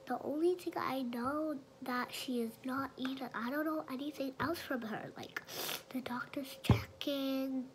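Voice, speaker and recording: A woman vlogger talking in a whisper, halting and restarting her sentences often. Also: high voice, noisy background. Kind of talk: whispered vlog.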